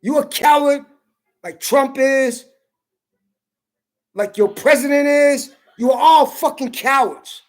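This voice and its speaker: A woman vlogger delivering an angry, profane political rant to camera, taunting and repeating herself, rising to shouts at times. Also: sits high, slow, pauses often. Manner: profane, confrontational, repetitive taunting.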